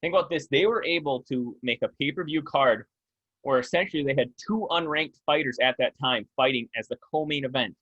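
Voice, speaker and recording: Male podcast co-host, crisp bright tone, playful and jokey. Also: mid-range voice, brisk, lo-fi sound. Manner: joking, playful, laughs at his own jokes. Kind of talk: casual chat about MMA.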